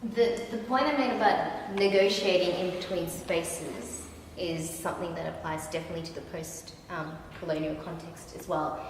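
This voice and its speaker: A woman speaking in a group discussion, thoughtful and measured, with some hesitations. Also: fairly low pitch, fairly even intonation, slight background noise. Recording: echoey hall, mic far off.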